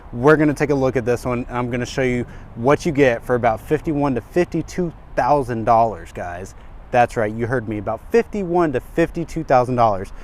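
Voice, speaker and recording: Outdoors at a dealership, a man with a mid-range voice gives an energetic, chatty walkaround car review, talking straight to his viewers.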